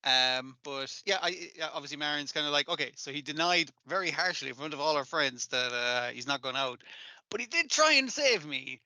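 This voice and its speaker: A man's voice: a little high, lively intonation, pushed and bright, dry recording. A man co-hosting a podcast, chatting casually and swearing freely as he retells scenes. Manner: swears casually, acts out scenes in quick voices. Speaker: podcast co-host. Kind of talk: casual chat about anime.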